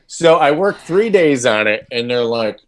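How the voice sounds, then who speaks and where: A man's voice: a little high, slight background noise. A male voice actor as an interview guest, chatting casually and telling a long story with many restarts. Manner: rambling storyteller with frequent restarts and laughs.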